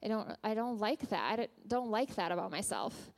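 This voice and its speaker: A woman's voice: mid-range voice, very animated, moderate pace, gravelly. A woman giving a personal sermon to a church congregation, candid and a little self-conscious, with light laughs and fillers. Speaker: guest speaker at church. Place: church hall before a congregation.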